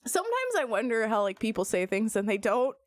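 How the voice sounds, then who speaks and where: A woman streamer chatting with her viewers, her voice bouncing up and down with lots of laughter. She sits a bit high in pitch and sounds close and dry on the mic, with no room sound around her. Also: brisk, no echo. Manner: animated, laughs often, jokey tangents. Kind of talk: casual live-stream chat.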